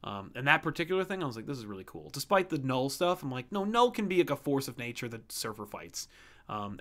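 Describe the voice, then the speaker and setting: A man's voice: mid-range voice, fairly bright tone. A man hosting a comic book livestream, chatting casually and rambling with lots of fillers while he reads out viewer messages. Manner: rambling, many fillers and restarts.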